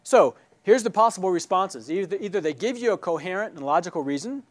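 A man's voice: sits high, animated, fast, few pauses. A man teaching a church class who keeps checking in with his listeners, asking "right?" and "all right?". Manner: asks questions and checks in with "right?".

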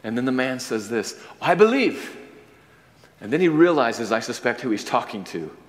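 Male pastor, sermon, mid-pitched voice, long hall reverb, swings from fervent highs to hushed lows. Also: animated, a little fast. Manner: impassioned, rising to high emphatic peaks then dropping low.

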